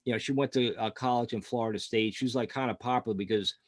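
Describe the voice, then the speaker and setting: A man's voice: medium pitch, steady tone, quick pace. Rambling, profane New man. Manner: rambling, profane, lots of fillers and laughing. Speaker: podcast co-host. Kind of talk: casual sports podcast chat.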